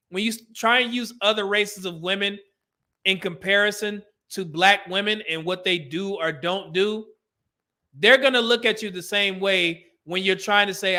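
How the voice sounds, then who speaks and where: A man's voice: high voice, bright, forceful tone. A man hosting a show, giving blunt, emphatic, opinionated commentary. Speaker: show host.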